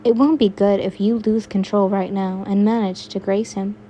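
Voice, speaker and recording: A woman voicing a kind young queen, soft and caring yet firm, in a read-aloud fan fiction. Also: mid-range voice, fairly even intonation, moderate pace, lo-fi sound, a little hiss or hum, close to an everyday voice.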